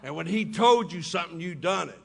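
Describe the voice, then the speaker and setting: A man's voice: a little high, lively intonation, a little fast, gravelly, a little hiss or hum. A man telling folksy, humorous stories to a meeting in a hotel ballroom, laughing along with his own jokes. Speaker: recovery meeting speaker. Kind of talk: humorous storytelling talk.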